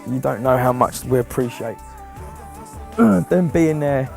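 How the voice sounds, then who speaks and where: A man's voice: medium pitch, slow, creaky, a little mellow. A young man from a pop band, cheeky and joking in an interview. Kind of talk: interview talk. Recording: music playing behind. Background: faint music.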